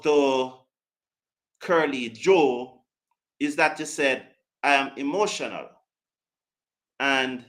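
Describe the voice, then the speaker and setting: Passionate high-voiced man. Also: a bit bright. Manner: passionate, emphatic, repeats himself. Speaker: cricket show host. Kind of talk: live-stream talk answering chat comments.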